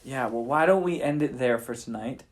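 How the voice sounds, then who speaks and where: A man's voice: medium pitch, normal speed, a crowd in the background. Man, dad telling a bedtime story, casual, thinking aloud, handheld recorder, home at night. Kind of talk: improvised storytelling.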